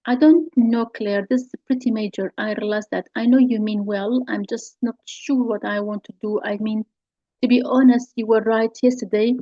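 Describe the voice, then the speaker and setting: A woman's voice: fairly high pitch, fairly even intonation, normal speed, mellow, dry recording, natural voice. A woman reading the lines of a tired, hurt younger sister from a play, in a dull, dry recording. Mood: weary. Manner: hesitant, then protesting. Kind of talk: reading a play scene aloud.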